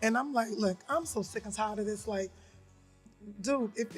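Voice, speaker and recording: Animated woman telling a personal story. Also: fairly high pitch, moderate pace, husky, soft background music. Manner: animated, blunt, acts out quoted voices. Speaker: podcast co-host. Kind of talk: casual chat, personal storytelling.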